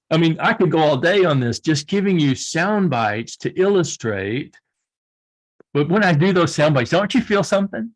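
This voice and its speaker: A man's voice: fairly high pitch, lively intonation, normal speed. A middle-aged man with a Southern US accent, speaking as a guest coach in an earnest, reflective way and often restarting his phrases.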